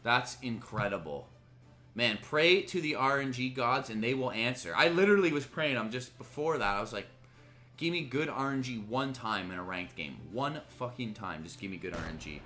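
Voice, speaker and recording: Casting note: male gaming streamer, bright, lively pitch, furious swearing rants, faint music under him. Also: normal speed. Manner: angry, ranting, heavy swearing; swings between loud outbursts and muttering. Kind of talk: live gaming commentary.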